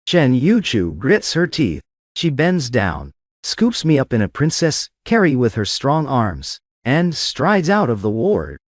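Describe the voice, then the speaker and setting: A man's voice: mid-range voice, dry recording, studio quality. A man narrating a first-person drama story in scripted narration style.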